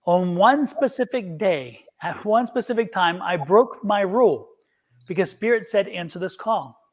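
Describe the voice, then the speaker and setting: A man's voice: sits high, expressive, measured pace. A man hosting a live tarot stream, telling a long story in a rambling way and acting out both sides of a phone call. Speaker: tarot reader, show host.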